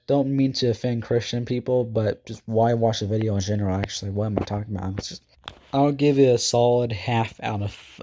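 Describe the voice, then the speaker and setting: A man with a mellow, dark-toned voice ranting casually. He rambles and swears freely, trailing off in fillers and restarts. The pitch sits in the middle range. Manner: rambling, profane, hesitant with many fillers. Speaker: video creator. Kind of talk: casual rant.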